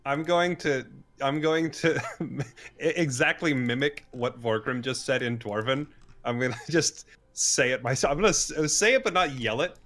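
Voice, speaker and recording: A man's voice: medium pitch, moderate pace, a bit bright. A man playing a tabletop game, talking casually and often laughing as he plays. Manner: laughing, chatty. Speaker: player.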